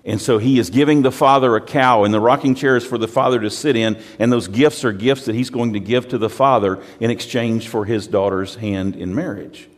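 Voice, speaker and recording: A man's voice: mid-range voice, fairly quick, hardly any pauses, long reverb tail. A pastor from the United States preaching a sermon in a conversational, storytelling way, often repeating words as he restarts.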